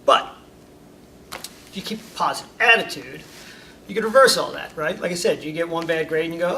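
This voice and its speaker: A man's voice: a little high, brisk, gravelly, long pauses. A man teaching as a karate instructor, talking informally to his students and acting out examples, recorded from a distance with faint background noise. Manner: animated storyteller, acts out examples. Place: karate school.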